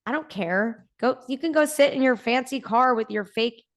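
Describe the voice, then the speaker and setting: A woman's voice: high-pitched, normal speed, vocal fry. Candid young woman, casual and sweary. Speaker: podcast guest, entrepreneur. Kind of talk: casual podcast chat.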